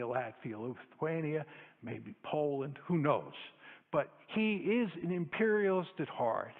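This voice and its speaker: Man lecturing, forceful and repetitive, with a somewhat high voice; tinny, phone-thin sound in a reverberant hall. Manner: emphatic and argumentative, hammering points through repetition. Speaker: lecturer addressing an audience. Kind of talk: public lecture. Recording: echoey hall over a tinny phone-like line.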